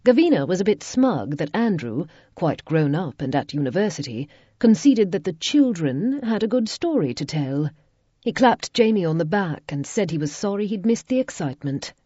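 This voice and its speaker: A woman narrating a historical romance audiobook in a measured storytelling manner, in a dull lo-fi recording. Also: on the low side, big pitch swings, mellow, slightly rough, no echo. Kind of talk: scripted narration.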